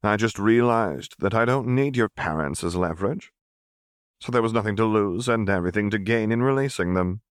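A man's voice: lowish voice, moderate pace, clean tone, dry recording, studio quality, voice pushed up, close to an everyday voice. A man reading an audiobook, voicing a smug, powerful woman company director in a languid, teasing manner. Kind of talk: audiobook character voice.

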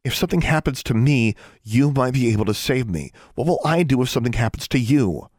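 A man's voice: mid-range voice, lively intonation, a little fast, no room sound, voice pushed up, close to an everyday voice. A man voicing a determined young woman who shields her brother, speaking earnestly and pleadingly in a storybook reading with a dry, close sound. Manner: earnest, pleading, then gently coaxing.

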